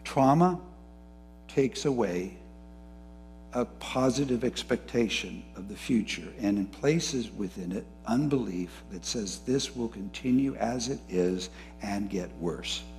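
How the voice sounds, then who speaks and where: A man preaching a sermon, moving between soft, low musing and rising, fervent emphasis. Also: expressive, slow. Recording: faint music behind.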